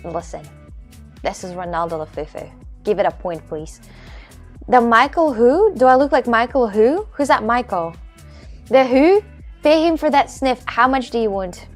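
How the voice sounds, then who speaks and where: A woman's voice: a little high, expressive, moderate pace, soft background music. A woman with a Russian accent chatting casually on a live stream from home, rambling and often stumbling over and repeating her words.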